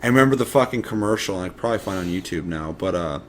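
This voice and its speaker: A man's voice: sits low, expressive, racing, slight background noise. A young man co-hosting a casual chat, rambling and swearing often as he acts out his past thoughts. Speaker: podcast co-host.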